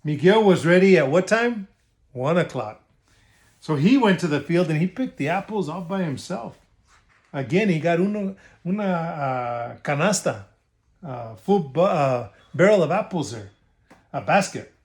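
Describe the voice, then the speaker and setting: A man reads a children's picture book aloud, pausing for explanatory asides. His voice is high for a man. He shifts easily between languages as he reads. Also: animated, a little mellow. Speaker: state official reading to children.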